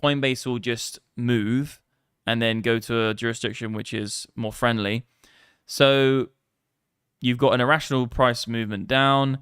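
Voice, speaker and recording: A man talks through a live crypto trading stream in a loose, rambling way, with plenty of swearing. His voice is smooth and resonant. It sounds close and dry, with no room echo. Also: mid-range voice, steady tone, a little slow, a bit bright. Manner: rambling, profane, casual.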